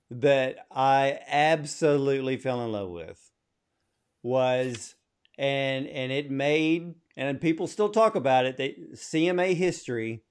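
A man hosting a casual podcast interview, asking long, conversational questions with frequent restarts. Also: mid-range voice. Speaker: podcast host.

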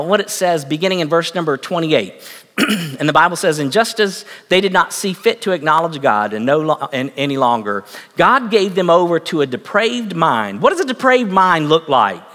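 A man's voice: on the high side, a bit bright. A man preaching a sermon, emphatic, repeating his key phrases for weight. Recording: long hall reverb.

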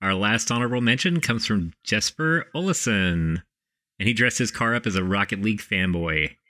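A man's voice: fairly low pitch, expressive, moderate pace, bright, forceful tone. A man with a Texan accent co-hosting a gaming podcast, upbeat and chatty. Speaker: podcast co-host. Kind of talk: casual chat.

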